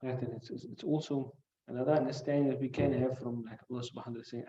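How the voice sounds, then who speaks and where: A man's voice: mid-range voice, fairly even intonation, very fast, few pauses, dark tone, slight background noise. A man teaching a class on hadith, explaining Arabic words one by one and asking the class rhetorical questions. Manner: recites classical Arabic phrases between English. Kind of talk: classroom lesson. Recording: muffled recording in echoey room.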